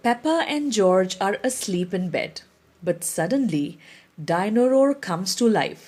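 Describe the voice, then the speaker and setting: A woman reading a children's storybook aloud, slow, expressive and clear. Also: mid-range voice. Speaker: story reader.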